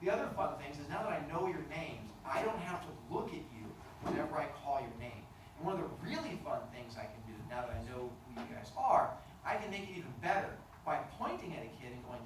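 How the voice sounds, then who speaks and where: A man's voice: on the high side, very animated, fairly quick. A middle-aged man teaching a class, teasing his students in a playful, mock-stern way. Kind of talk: classroom instruction. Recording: echoey classroom from far off, noisy.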